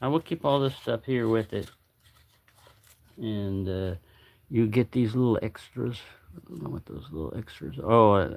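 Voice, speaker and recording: A man's voice: on the low side, creaky, noisy background. A man hosting a casual livestream, chatting in a rambling way and often repeating himself. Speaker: knife channel host.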